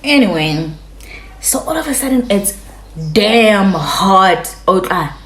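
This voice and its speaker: A young woman telling a story to her vlog in a casual, slangy way, her voice jumping from loud highs to hushed lows. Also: expressive, takes it slowly. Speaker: vlogger. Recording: echoey room.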